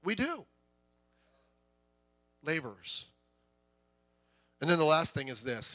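A middle-aged man, a pastor, preaching a conversational, joking sermon with lively delivery. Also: on the high side, takes it slowly, long pauses.

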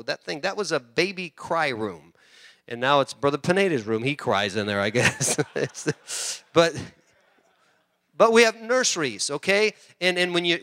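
A middle-aged man preaching a sermon as pastor, swinging between loud emphasis and quiet asides and often repeating words. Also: high-pitched, clear, resonant tone, no echo, studio quality.

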